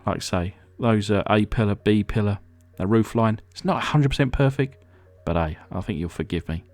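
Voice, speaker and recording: A man's voice: fairly low pitch, moderate pace, soft background music. A man from England hosting a casual hobby vlog, chatty and rambling, with lots of ums and uhs. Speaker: diecast restoration channel host.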